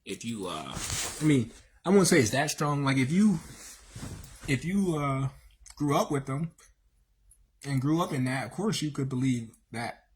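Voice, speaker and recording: Husky man preaching on a rambling livestream. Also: mid-range voice, lively intonation, measured pace, long pauses. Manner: rambling, preachy, slangy, with many fillers. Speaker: livestream host. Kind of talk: casual livestream monologue.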